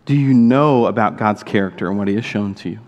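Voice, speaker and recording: A man preaching a sermon as a pastor, emphatic and full of rhetorical questions and quick asides. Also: fairly low pitch, highs cut off. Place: church sanctuary. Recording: long hall reverb in a church sanctuary.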